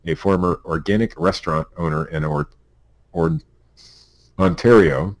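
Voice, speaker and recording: A man's voice: low-pitched, a little slow, creaky, no echo. A man with a Pennsylvania accent co-hosting a podcast, reading news stories aloud with stumbles, laughs and asides. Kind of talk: casual news chat.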